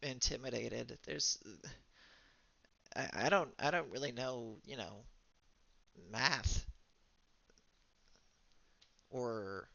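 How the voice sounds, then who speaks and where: A man voicing a shy middle-school boy who speaks in hesitant, halting bursts. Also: mid-range voice, creaky, bright, forceful tone, dry recording, muffled recording, exaggerated voice.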